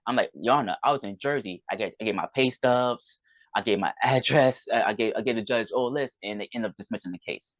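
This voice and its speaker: Fast-talking man telling his story. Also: fairly low pitch, dry recording. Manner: rambling, recounts events with quoted dialogue. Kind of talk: personal storytelling in conversation.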